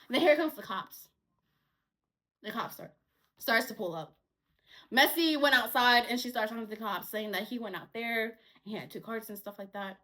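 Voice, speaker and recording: A woman vlogger telling a work story in casual chat, animated and swearing freely as she acts out the dialogue. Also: fairly high pitch, normal speed.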